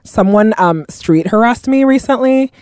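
A woman in casual conversation, telling animated stories in a chatty, playful way. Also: on the high side, a little slow, no room sound, studio quality. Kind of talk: casual chat.

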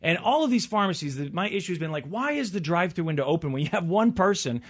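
A man in his forties in casual chat, an animated storyteller who acts out the people he quotes. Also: high voice, fast talker. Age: 40s.

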